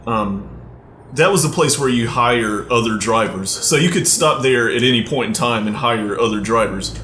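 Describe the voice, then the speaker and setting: Man, casual let's play co-host, mid pitch, roomy echo, faint hiss. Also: normal speed, sharp tone. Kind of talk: casual group chat over gameplay. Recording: echoey room with faint noise.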